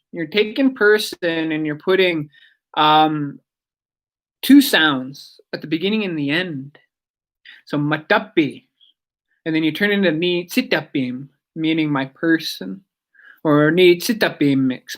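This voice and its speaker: A woman giving a casual radio language lesson, chatty and digressive, repeating words slowly for learners. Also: on the low side, fairly bright tone.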